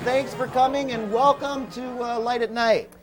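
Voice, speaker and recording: A man's voice: very high voice, fairly even intonation, normal speed, music in the background, a crowd in the background. A man hosting a comedic talk show. He speaks in a mock-formal way and stumbles over fillers.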